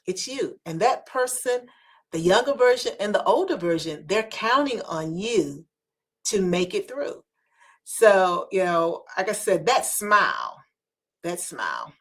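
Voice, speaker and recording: A woman's voice: medium pitch, lively intonation, a little slow, breathy edge. A woman podcast host giving motivational talk in an earnest, preacherly way, repeating key phrases for emphasis.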